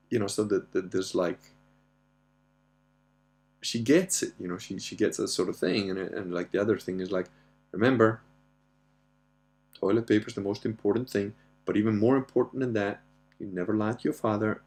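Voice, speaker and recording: Gravelly man telling crude stories. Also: fairly low pitch, normal speed, long pauses, a little mellow. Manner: crude, profane storytelling with frequent laughter. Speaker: podcast host. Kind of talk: casual Q&A monologue.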